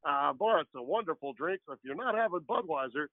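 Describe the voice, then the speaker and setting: A man's voice: fairly high pitch, expressive, a little fast, creaky, no echo, phone-quality sound, pitched above the performer's own voice. A man doing an impression of an older male baseball announcer with a slurred, drawling delivery.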